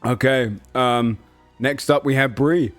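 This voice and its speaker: A man's voice: medium pitch, steady tone, slow, no echo, soft background music. A man hosting a tabletop game stream as game master, chatty and laughing often. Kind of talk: casual chat.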